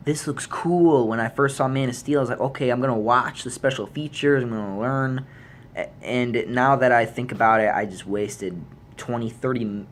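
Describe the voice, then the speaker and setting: Fired-up man ranting with profanity. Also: slight background noise. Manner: heated and profane, voice jumping into high yells. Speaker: YouTube vlogger. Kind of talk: angry movie rant.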